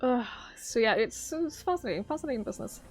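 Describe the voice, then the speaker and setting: A woman's voice: a little high, animated, quick pace, faint music behind. Chatty Norwegian woman streaming. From Norway. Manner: chatty, musing aloud, swears casually, reads chat aloud. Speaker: game streamer. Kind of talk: casual live-stream chat.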